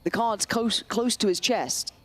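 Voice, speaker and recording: A man casting an esports match live, fast and excitable, shouting on big plays, his voice going hoarse. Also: high-pitched, slight background noise. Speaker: play-by-play esports caster. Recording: loud game music behind.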